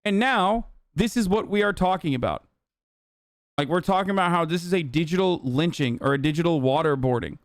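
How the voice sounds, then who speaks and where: Casting: brash young male streamer, slightly high voice, smooth and dry. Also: no echo. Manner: profane, blunt and fast-talking. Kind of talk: live stream commentary.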